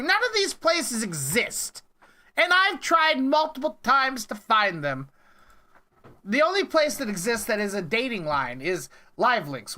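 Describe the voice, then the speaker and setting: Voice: mid-range voice, bright, forceful tone. A streamer ranting casually to chat in an exasperated, rambling way, with swearing, at a desk mic at home. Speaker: prank call streamer.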